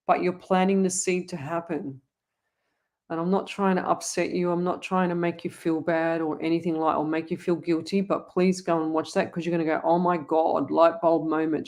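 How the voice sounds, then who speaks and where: A woman, a psychic medium hosting a live online Q&A, giving earnest, urgent advice and calling her viewers "lovey". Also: lowish voice. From Australia. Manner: addresses viewers as lovey and guys.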